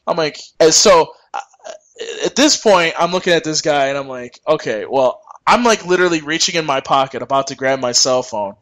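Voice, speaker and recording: A man's voice: a little high, fairly quick, a bit bright, rough recording. A young man co-hosting a podcast, telling a rambling, profane work story and acting out the people in it. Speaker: podcast co-host.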